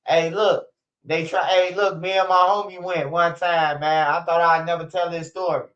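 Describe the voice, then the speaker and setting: A man's voice: fairly high pitch, fairly bright tone. A young man ranting casually to his viewers on a stream, with loose, profane street slang and lots of repetition. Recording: dull lo-fi stream audio.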